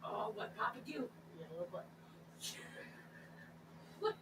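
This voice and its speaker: A woman speaking in a sing-song baby voice to her pets, heard off-mic in the room. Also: takes it slowly. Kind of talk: casual talk in the background. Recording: distant and echoey, with noise.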